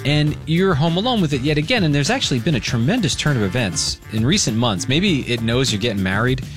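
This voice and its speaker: A man hosting a radio talk show, teasing his co-hosts in quick casual banter from the studio. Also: medium pitch, animated, soft background music.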